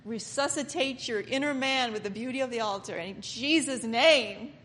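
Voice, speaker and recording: High-voiced, dramatic woman preacher. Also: moderate pace, fairly bright tone, big-room sound. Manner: dramatic, acts out voices, laughs often. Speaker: Bible teacher and preacher. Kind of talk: animated sermon-style Bible teaching.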